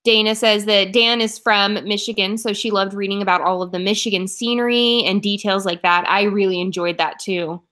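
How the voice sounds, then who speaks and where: A woman's voice: medium pitch, fairly even intonation, normal speed, hardly any pauses, fairly bright tone. A woman from Oklahoma co-hosting a book club live stream, chatting casually and reacting to viewer comments.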